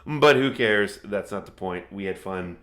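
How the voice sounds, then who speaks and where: A man narrating a tabletop game as game master, chatty, laughing easily and slowing down for dramatic moments. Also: lowish voice, a bit bright.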